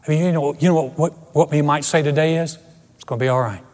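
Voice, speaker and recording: A man's voice: a little high, steady tone, fast talker, a little mellow, long reverb tail. A middle-aged man preaching a sermon as pastor, earnest and emphatic, often restarting his phrases. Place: empty church auditorium.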